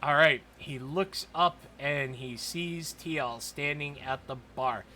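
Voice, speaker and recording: A man narrating a tabletop role-playing game as dungeon master, in a casual, halting way. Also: fairly high pitch, sharp tone, a little hiss or hum. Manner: casual, hesitant with fillers.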